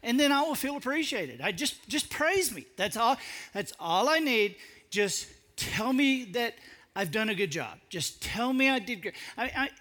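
A man giving a humorous storytelling talk to an audience, animated and self-mocking, using colloquial speech full of stammering restarts. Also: extremely high pitch, moderate pace. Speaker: public speaker.

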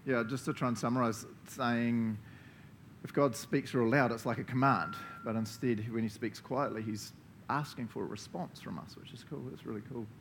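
A man's voice: medium pitch, steady tone, normal speed, a little hiss or hum. A male pastor giving a casual, interactive sermon, joking and chatting with the congregation. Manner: jokey, playful, chatty.

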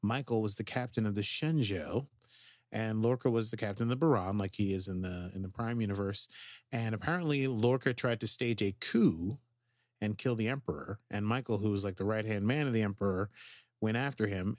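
A man co-hosting a casual podcast, recapping a TV episode in an animated way and acting out the characters' lines. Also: on the low side, moderate pace, dry recording, studio quality. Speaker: podcast co-host.

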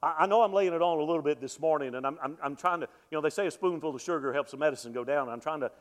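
A middle-aged pastor preaching a sermon, with animated delivery that swells and drops to a hush, often repeating words as he restarts. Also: fairly high pitch, rapid-fire.

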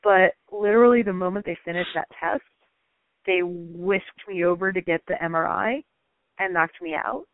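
A woman's voice: on the low side, normal speed, dry recording. A woman guest in a casual interview, telling a personal story animatedly, full of "like" fillers and laughs. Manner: animated, frequent "like" fillers, laughs mid-sentence. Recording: tinny phone-like line, dry.

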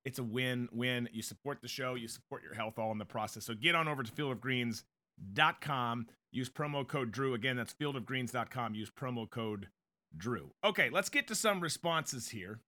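A man's voice: mid-range voice, animated, moderate pace, sharp tone. A man hosting a live online talk show, chatting casually, joking, reading out viewer comments and ad reads. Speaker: host of a live political show.

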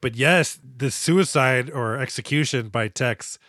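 A man's voice: medium pitch, measured pace, no room sound, clean studio sound. Laughing, profane podcast co-host man. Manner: profane, laughing, animated retelling. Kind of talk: casual movie-review chat.

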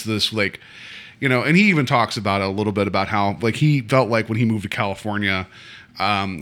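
Man, podcast co-host, bright tone, sarcastic and rambling. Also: lowish voice. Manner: rambling, sarcastic, many restarts. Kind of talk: casual chat reviewing a TV episode.

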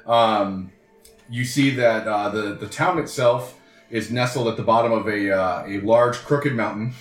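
A man narrating a tabletop game as game master, chuckling often and pausing on fillers. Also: lowish voice, echoey room, faint music behind. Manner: chuckling, hesitant with many fillers.

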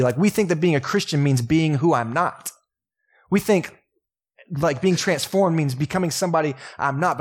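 Casual young pastor with a Texan accent. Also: male voice, on the high side. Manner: casual, joking, conversational preaching with laughs and asides. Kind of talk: sermon. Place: church sanctuary.

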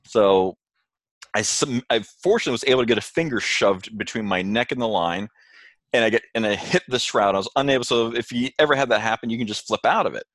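Animated man telling a sailing story. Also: medium pitch, fast, dry recording. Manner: animated storyteller, acts out quotes. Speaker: co-host, sailor. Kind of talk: casual storytelling chat.

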